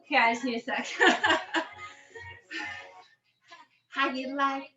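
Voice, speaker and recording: A young woman leads a home workout as a fitness instructor, out of breath yet encouraging and cheering between sets. Her high voice is bright and forceful, fast and fairly flat in pitch, in an echoey room. The lo-fi audio sounds dull, with faint music behind.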